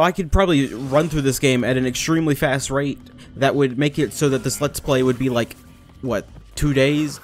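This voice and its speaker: A young man talking casually over his gameplay, rambling and mocking himself, with sudden loud outbursts. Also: mid-range voice, a little hiss or hum. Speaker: let's play gamer.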